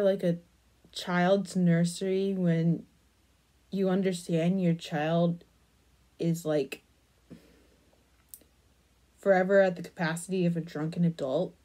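A woman chatting casually in a crochet vlog, gushing over a pattern book and trailing off into soft murmurs. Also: lowish voice. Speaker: crochet vlogger.

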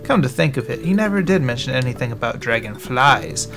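A man's voice: medium pitch, very animated, brisk, over music. A man reading a scheming, greedy male merchant's lines aloud from a game, in a wheedling way. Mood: sly.

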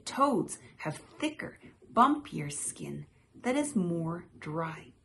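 A woman reads a children's picture book aloud, clearly and expressively. She takes her time, her voice is bright, and her pitch moves up and down in a lively way. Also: slow, a little hiss or hum. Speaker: storytime reader.

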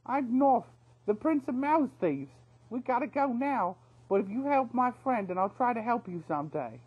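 A man voicing a boastful, cheeky male mouse thief with a quick patter, for a read-aloud storybook. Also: high-pitched, lo-fi sound, voice pushed up.

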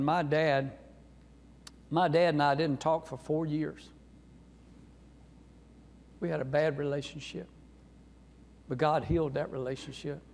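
A man's voice: on the high side, creaky, slight background noise. A man, preaching as a guest speaker and telling a personal testimony in a folksy, earnest way. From North Carolina. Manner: folksy, earnest, warm storyteller. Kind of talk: sermon testimony storytelling. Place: church sanctuary. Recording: reverberant church sanctuary.

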